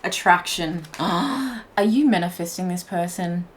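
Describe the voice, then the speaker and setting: A woman's voice: lowish voice, a little slow, slight background noise. A young woman giving a pick-a-card tarot reading in a chatty, meandering way, full of "like" and restarts. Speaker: tarot reader.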